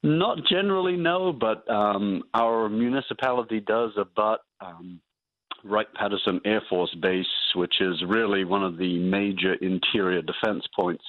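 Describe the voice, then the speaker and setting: A man, a professor, joining a radio interview as a guest and explaining in a measured way. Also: lowish voice, no echo. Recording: tinny phone line.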